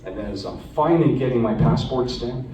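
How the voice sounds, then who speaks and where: In a personal storytelling talk, a man from Canada describes his captivity to a live crowd, his warm, medium-pitched voice fairly quick, earnest and conversational, with frequent restarts. Someone in the audience recorded it on a phone, leaving it distant and echoey in the hall with slight background noise.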